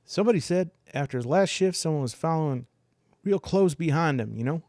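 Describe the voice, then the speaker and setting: A man's voice: on the high side, animated, fairly quick, a little mellow, no room sound, studio quality, pitched above the performer's own voice. A man voicing a nosy, overfamiliar young man who stammers and rambles. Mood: nervous.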